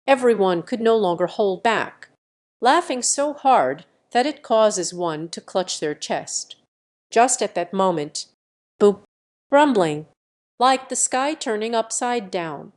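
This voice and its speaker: A woman narrating a fantasy audio story in a measured storytelling voice. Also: medium pitch, animated.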